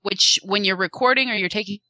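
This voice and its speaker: A woman eagerly retelling a convention panel in casual chat, acting out the quotes with lively voice changes. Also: medium pitch, a little fast, no room sound. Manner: animated, acts out quotes with shifting voices. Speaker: fan recounting a convention panel.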